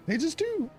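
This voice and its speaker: A male gaming streamer giving casual let's-play commentary. He rambles in a chatty way, his pitch rising and falling a lot, with light game music in the background. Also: pushed and bright. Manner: chatty and rambling, with frequent fillers and laughs.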